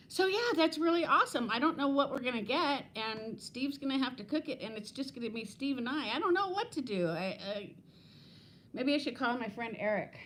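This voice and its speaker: A woman's voice: high voice, animated, moderate pace, fairly bright tone, slight background noise. A woman in her fifties hosting a casual livestream from home on her phone, chatting in a rambling way, laughing often and greeting viewers by name. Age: 50s. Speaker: livestream host.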